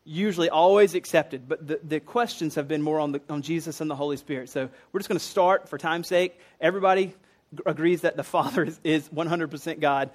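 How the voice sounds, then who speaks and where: Male pastor, somewhat high voice, relaxed teaching sermon, folksy and explanatory. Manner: casual and explanatory, with fillers and restarts. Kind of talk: conversational sermon.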